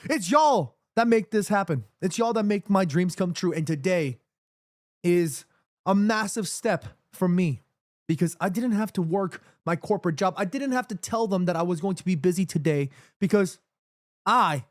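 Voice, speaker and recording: Excited guy streaming from his room, kinda high voice, super dry close sound, keeps repeating stuff. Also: normal speed, no room sound. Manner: excitable, emphatic, repeats himself when nervous. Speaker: streamer hosting a football watchalong. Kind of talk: excited livestream chat. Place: his room in New York City, indoors.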